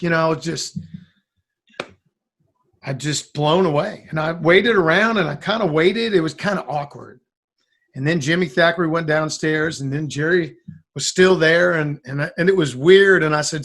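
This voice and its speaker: A man's voice: fairly high pitch, moderate pace. A man chatting as a guest musician, telling a long rambling story and acting out what other people said. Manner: rambling, animated, acts out quoted lines. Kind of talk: casual storytelling.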